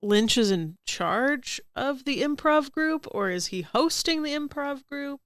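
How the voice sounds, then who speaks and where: A woman's voice: high voice, lively intonation, a little slow, fairly bright tone, no room sound, studio quality. A woman co-hosting a podcast, chatting casually and asking questions about the episode. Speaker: podcast co-host.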